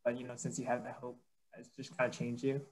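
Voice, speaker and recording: A man's voice: mid-range voice, completely flat delivery, fast talker, a little mellow, low-quality recording. A man on a video call asking a hesitant, rambling question during a fellowship meeting.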